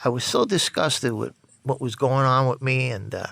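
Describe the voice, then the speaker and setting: A man's voice: medium pitch, expressive, moderate pace, gravelly, a bit bright, no echo. A man telling his own story in blunt, profane street talk, acting out the voices of the people he quotes. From New York. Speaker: storyteller recounting his past. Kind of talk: candid spoken memoir.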